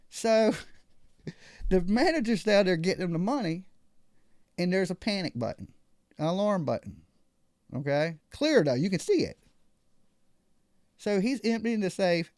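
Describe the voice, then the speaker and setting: A man's voice: sits high, a little mellow, no room sound, clean studio sound. A man hosting a live call-in show, telling a story casually and acting out other people's lines.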